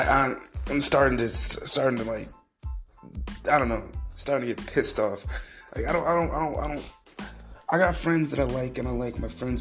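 A man's voice: mid-range voice, vocal fry, a bit bright. A man hosting a solo podcast, ranting in a profane, rambling way and repeating himself. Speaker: podcast host.

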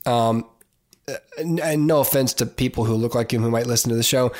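A man's voice: medium pitch, brisk, a little mellow. A man from the United States hosting a podcast on his own, talking in a casual, rambling way with many fillers and restarts, and giving blunt opinions. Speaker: podcast host. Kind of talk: casual solo commentary.

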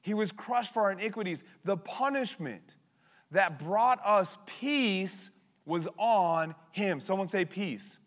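A man in his thirties preaching a sermon with passion, swinging from loud bursts to hushed words. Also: high-pitched, expressive, takes it slowly. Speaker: pastor. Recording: long hall reverb.

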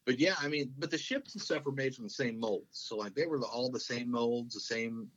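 A man's voice: mid-range voice, brisk, a bit bright. A man in his thirties, chatting casually, rambling with lots of fillers, restarts and swearing. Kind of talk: casual chat. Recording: dull lo-fi sound.

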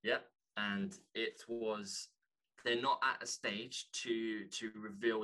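Man for a guest spot, earnest and halting, fairly low and very bright tone. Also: fairly even intonation. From London, England. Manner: earnest, halting, restarts often. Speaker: podcast guest, author. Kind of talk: candid conversation.

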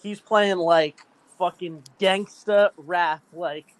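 A man's voice: high voice, steady tone, slow pace, no echo, low-quality recording. A man telling a rambling, profane story in casual chat, packing his talk with "like" and laughing often. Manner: fillers "like" constantly.

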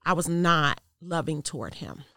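A woman with a fairly low voice tells her own story as an interview guest. She speaks earnestly and in a measured way, and her voice drops quiet when the story turns tense. The sound is close and dry. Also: dry recording. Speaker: podcast guest. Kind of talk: personal testimony in an interview.

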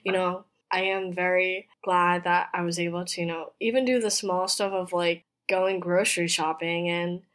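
A woman's voice: lowish voice, little pitch movement, moderate pace, hardly any pauses, fairly bright tone, clear, resonant tone. A woman in her twenties hosting her own podcast, talking in a chatty, heartfelt way, full of "like" and "you know.". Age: 20s. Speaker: podcast host. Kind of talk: casual personal podcast monologue. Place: apartment room in a city.

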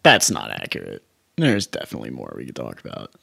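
A man's voice: extremely low pitch, wildly swooping pitch, quick pace, creaky, bright, forceful tone. A man co-hosting a podcast in casual chat, rambling with restarts, laughing often and swearing. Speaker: podcast co-host.

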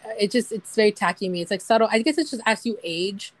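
A woman's voice: medium pitch, quick pace, dry recording. A young woman co-hosting a casual chat podcast, rambling with lots of "like" and giggling. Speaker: podcast co-host.

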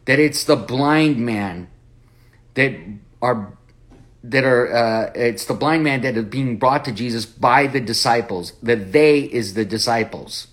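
A man's voice: medium pitch, unhurried. A man leading a Bible study, talking through scripture with rhetorical questions and acted-out quotes. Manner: animated, acts out quoted lines, rhetorical questions.

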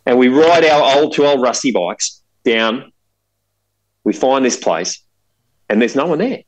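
A man's voice: mid-range voice, unhurried, low-quality recording. A man, a podcast host telling a long story in a casual, rambling way with many asides. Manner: animated, rambling, full of fillers and asides.

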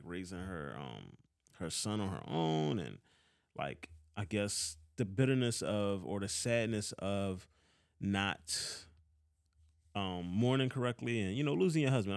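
A man in his thirties with a Philadelphia accent tells a story about an old boss, heated and swearing often. His voice sits a little low. The sound is dry, with no room echo. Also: lively intonation, moderate pace, creaky. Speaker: vlogger. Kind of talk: casual storytelling rant.

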